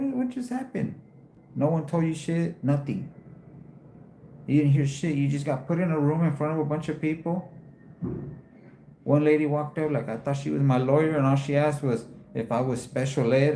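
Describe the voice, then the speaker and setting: A man hosting a casual livestream chat, telling a profane story and jumping his voice up high whenever he quotes himself. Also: normal speed, long pauses, dark tone, roomy sound, a little hiss or hum. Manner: profane storytelling, voice jumps up when quoting himself. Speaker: livestream host.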